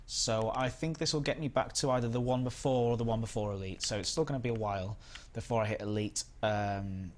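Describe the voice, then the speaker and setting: A man's voice: fairly low pitch, steady tone, a little fast. A young man hosting a live game stream, chatting casually and greeting viewers by name in an upbeat way.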